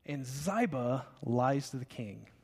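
Animated male preacher in a reverberant hall. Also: medium pitch, slow pace, husky. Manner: animated storytelling, acting out biblical characters. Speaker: pastor. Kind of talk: sermon. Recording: long reverb of a large hall.

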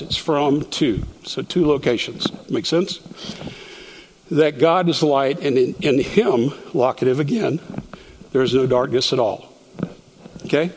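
Chatty man teaching in a reverberant hall. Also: mid-range voice. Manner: chatty, self-deprecating jokes. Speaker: Bible teacher. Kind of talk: Bible study lesson.

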